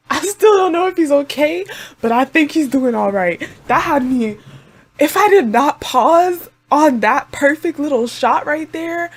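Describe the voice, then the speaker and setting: High-voiced woman reacting in a panic. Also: animated, slow pace, long pauses. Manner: emotional, panicky, rambling with frequent exclamations. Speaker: anime reaction video host. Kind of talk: live reaction commentary.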